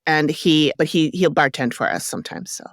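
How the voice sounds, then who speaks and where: A woman hosting a podcast interview, laughing often and asking loose, halting questions. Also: deep voice, dry recording, studio quality. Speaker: podcast host. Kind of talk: casual interview chat.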